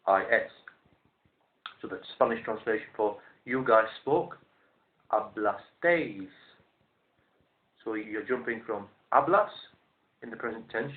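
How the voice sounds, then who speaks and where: A man teaching a language lesson, explaining step by step in a measured, methodical way and repeating each form slowly. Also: on the low side. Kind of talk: instructional explanation. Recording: roomy, tinny phone-like sound.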